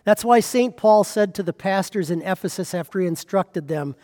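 A man's voice: sits high, moderate pace, darkish tone, big-room sound. A man preaching a sermon as pastor, pressing with rhetorical questions.

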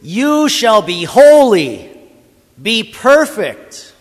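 A man voicing a cruel, furious male slave master who screams slow, drawn-out commands. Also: sits high, sing-song, pitched above the performer's own voice, exaggerated voice. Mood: screaming. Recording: long hall reverb.

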